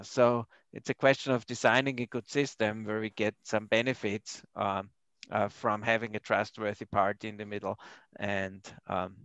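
Male finance professor, lower voice, dry close sound, measured with fillers. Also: vocal fry, fairly bright tone, dry recording, highs cut off. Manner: measured, hesitant, many uhs. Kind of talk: panel discussion.

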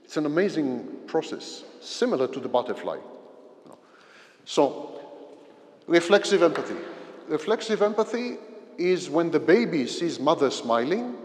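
Male psychology lecturer, animated delivery, repeats points, reverberant lecture hall. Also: on the high side. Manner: explains slowly, repeats key phrases, gives everyday examples. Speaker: visiting psychology professor. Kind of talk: university lecture.

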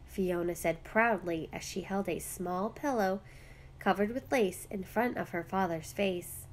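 A woman reading a children's picture book aloud with gentle, expressive storytelling. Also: mid-range voice, unhurried.

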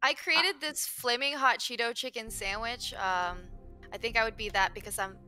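A woman's voice: fairly high pitch, moderate pace, bright, forceful tone, soft background music. A woman contestant in casual chat, teasing playfully and swearing. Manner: playful trash talk, swearing.

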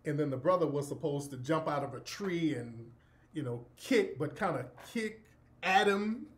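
Male radio talk host, high-pitched, loose profane storyteller who laughs easily. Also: lively intonation, normal speed. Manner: profane, laughing, acts out quotes. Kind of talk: casual anecdotal storytelling.

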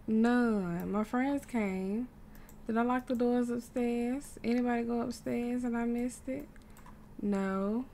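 A woman's voice: a little high, takes it slowly, slight background noise. Chatty woman narrating her game. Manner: animated, chatty, laughs often. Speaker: gaming YouTuber. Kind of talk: casual gameplay commentary.

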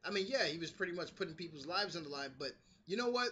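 Casual New male reviewer, high and bright, excitable and profane. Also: fast talker. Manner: animated, swears freely, acts out quotes. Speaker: TV episode reviewer. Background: street construction noise.

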